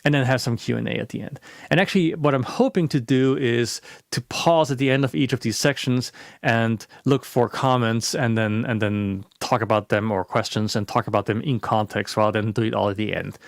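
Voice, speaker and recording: A man presenting a webinar talk in a relaxed, conversational way, with frequent restarts and fillers. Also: medium pitch, a little fast, gravelly, no echo, clean studio sound.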